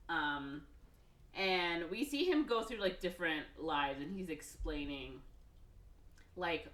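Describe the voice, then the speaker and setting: A woman co-hosting a podcast, casually retelling a film with many fillers and quick acted-out quotes. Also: deep voice, lively intonation, fairly bright tone, echoey room. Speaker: podcast co-host recapping a film. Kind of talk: casual chat.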